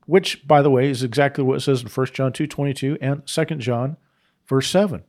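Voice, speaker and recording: A man preaching on scripture, emphatic and unscripted, repeating his key phrases and pausing for restarts and asides. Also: mid-range voice, steady tone, darkish tone.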